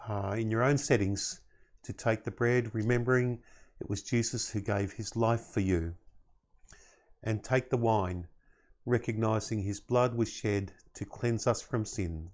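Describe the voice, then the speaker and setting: A man with an Australian accent, a pastor leading communion and prayer, speaking in an earnest, measured way with small slips and restarts. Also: fairly low pitch, a little mellow. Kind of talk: sermon and prayer.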